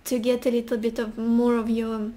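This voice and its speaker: A woman's voice: a little high, level tone, moderate pace, dark tone. A young woman giving a casual tarot reading, musing intuitively with sassy asides. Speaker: tarot reader.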